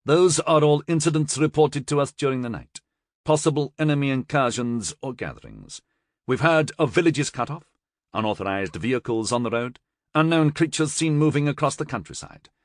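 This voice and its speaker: A man's voice: medium pitch, dry recording, clean studio sound, voice pushed up, close to an everyday voice. A man voicing a stern, cold older male military commander who speaks in clipped, authoritative orders. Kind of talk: audiobook character voice.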